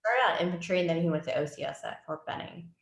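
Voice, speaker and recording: A chatty woman in her thirties talks through her career as a podcast guest, laughing easily along the way. Her voice is low for a woman, and the room around her sounds echoey. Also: fast talker. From US military family. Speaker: guest, former communications advisor. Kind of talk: casual chat.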